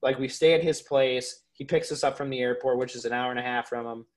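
A young man from Minnesota talks as a podcast guest, telling stories in an animated, rambling way. His voice sits at an ordinary middle pitch, and he leans on casual filler words and the odd swear. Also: fairly quick. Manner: animated storyteller, swears freely, lots of "like" and "dude". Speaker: podcast guest, waterfowl hunter.

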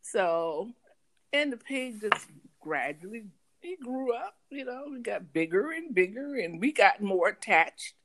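A woman with a Southern US country accent, co-hosting a podcast and telling a story in lively, casual chat. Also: medium pitch, a little slow. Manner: animated, acts out voices in her stories. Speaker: podcast co-host.

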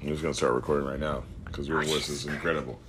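A man's voice: rumbling low, little pitch movement, quick pace, fairly bright tone, a little hiss or hum. A man in casual chat, talking emphatically with plenty of fillers. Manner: emphatic, filler-heavy, conversational.

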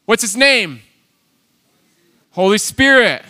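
A man preaching a sermon, animated and emphatic, swinging between loud exhortation and quiet asides. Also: sits high, takes it slowly. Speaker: pastor.

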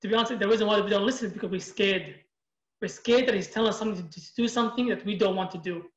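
A man's voice: high-pitched, racing, roomy sound, lo-fi sound. A man born in Iraq, a youth group leader, talking as a guest in an emphatic, passionate way and often quoting himself. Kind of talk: casual interview storytelling.

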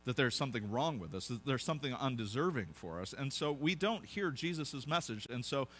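A man's voice: medium pitch, lively intonation, a little fast, fairly bright tone, slight background noise. A pastor preaching a conversational sermon to his congregation, asking them questions as he goes.

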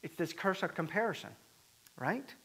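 A man preaching a sermon as pastor, animated and acting out the quoted voices with rising emphasis. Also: high voice, moderate pace, husky.

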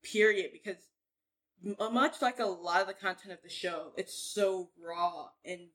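A woman's voice: mid-range voice, normal speed, fairly bright tone, poor audio. A woman in casual podcast chat, talking earnestly and with emphasis about a show she loves.

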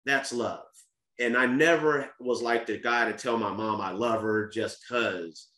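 A man's voice: mid-range voice, fairly even intonation, unhurried, bright, forceful tone. A man speaking as a podcast guest, telling a candid personal family story in an earnest, casual way, often restarting and repeating words. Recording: roomy echo.

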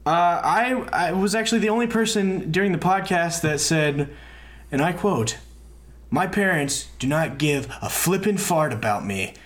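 A man's voice: a little high, expressive, normal speed, a bit bright. A young man co-hosting a casual podcast, laughing often and mocking himself, trailing off into restarts as he tells stories. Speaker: podcast co-host. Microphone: podcast microphone.

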